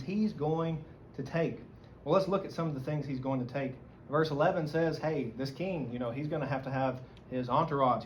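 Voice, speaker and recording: A man with a Southern American accent teaching a church Bible study, reading scripture aloud and explaining it earnestly. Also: on the high side. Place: church meeting room. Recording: dull lo-fi recording, faint room noise.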